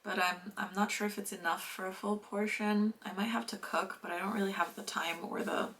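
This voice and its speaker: A woman's voice: medium pitch, fairly quick. A young woman vlogging in a casual, chatty way at her family home, sometimes talking while she eats. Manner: chatty and relaxed, with filler words and small laughs; talks with her mouth full while eating. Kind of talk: casual vlog chat.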